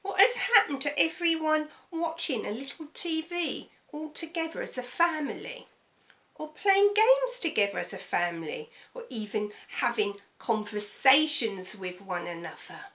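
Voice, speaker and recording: A woman's voice: high voice, sing-song, moderate pace, fairly bright tone, poor audio. An older woman pastor, giving a chatty, conversational sermon with frequent "okay?" asides. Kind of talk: casual sermon.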